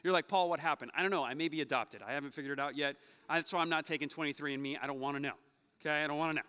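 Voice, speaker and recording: Um jovem pastor pregando um sermão, contando histórias com humor e exortando a congregação com ênfase crescente. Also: male voice, on the high side, racing, smooth. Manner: storytelling, joking, rising to loud urging. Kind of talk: sermon. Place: church sanctuary. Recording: long hall reverb.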